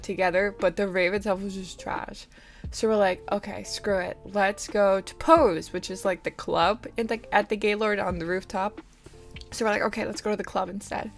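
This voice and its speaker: Chatty woman telling a con story. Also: mid-range voice. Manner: chatty, swearing, laughing storyteller who whispers quoted asides. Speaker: vlogger. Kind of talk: casual story time.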